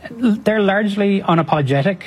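A man speaking as a journalist guest in a TV news interview, measured and analytical. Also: high-pitched, animated, slightly rough. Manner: measured, analytical, hedging fillers.

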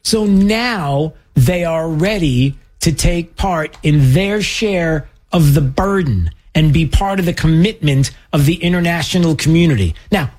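A man's voice: on the high side, a little mellow, husky. A male radio talk show host, chatting casually and sarcastically with many fillers.

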